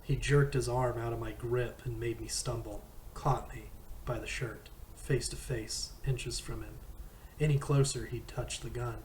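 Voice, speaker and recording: Male narrator for a read-aloud novel; unhurried, even, faint noise behind. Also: mid-range voice, low-quality recording. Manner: slow, measured first-person reading. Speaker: audiobook reader.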